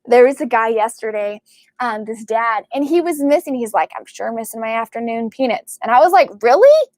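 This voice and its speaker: Chatty, excitable woman medium. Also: a little high, fairly quick, dry recording. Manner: chatty and excitable, many fillers and likes. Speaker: psychic medium. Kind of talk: casual spiritual talk to camera.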